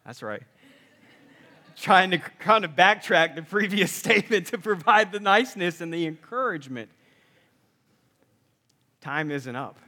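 A man preaching a sermon to a congregation, energetic and conversational, with humorous asides. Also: high voice, unhurried, pauses often, big-room sound. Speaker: pastor. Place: church sanctuary.

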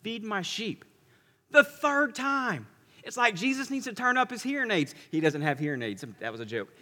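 A male pastor preaching a sermon in a church, telling the story in an animated way and swinging between loud and hushed delivery. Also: high-pitched, a little fast. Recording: long hall reverb.

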